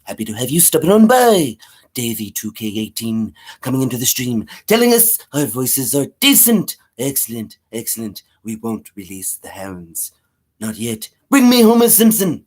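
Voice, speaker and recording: A man impersonating a scheming old cartoon tycoon with a sly, drawn-out delivery. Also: mid-range voice, big pitch swings, a little mellow, breathy edge, voice pushed up.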